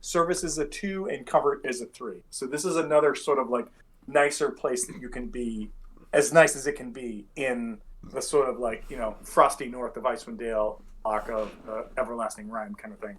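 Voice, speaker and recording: A man's voice: mid-range voice, normal speed, fairly bright tone, low-quality recording. A man narrating as dungeon master in a tabletop game, rambling and filling his lines with many fillers. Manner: loose, rambling, heavy on fillers.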